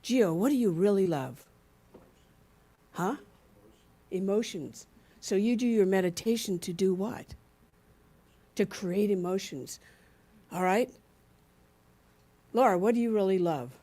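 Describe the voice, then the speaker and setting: A woman's voice: mid-range voice, unhurried, long pauses. A woman speaking to a congregation, playfully calling on people to say what they love and responding to their answers. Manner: lively, playful, questions the congregation directly. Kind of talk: interactive sermon.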